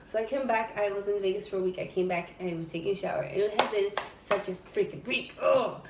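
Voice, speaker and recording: A woman from Southern California, a podcast guest telling stories in a dramatic, animated way that sometimes trails off sleepily. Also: medium pitch, fast, far from the mic, background noise. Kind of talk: casual storytelling chat. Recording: echoey room, away from the mic.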